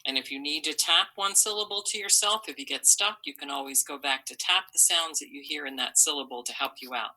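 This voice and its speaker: A woman teaching a recorded phonics lesson to young children, modeling words slowly syllable by syllable. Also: sits low, sharp tone, rough recording. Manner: slow, patient, syllable-by-syllable modeling. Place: online video lesson.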